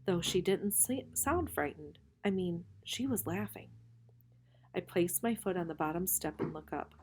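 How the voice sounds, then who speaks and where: A woman reading a novel aloud in a calm, measured way, slowing for suspense. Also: on the low side, noisy background. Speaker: reader.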